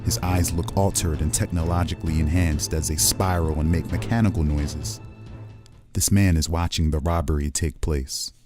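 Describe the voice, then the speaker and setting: A man's voice: extremely low pitch, steady tone, moderate pace, a little mellow, soft background music. A man narrating a tabletop game as game master, describing each scene like a camera at work. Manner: cinematic, descriptive scene-setting.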